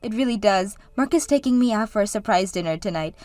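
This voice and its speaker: A woman's voice: mid-range voice, animated, fast talker, a little mellow, dry recording, soft background music, close to an everyday voice. A woman voicing Sarah, an earnest and grateful young woman who is a bride-to-be, in a scripted story drama. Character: bride-to-be sister, grateful and nervous.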